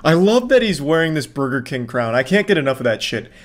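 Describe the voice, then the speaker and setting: A man's voice: mid-range voice, very animated, a little fast. A man giving casual, sarcastic commentary on a video, swearing freely and mocking what he sees. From Florida, US.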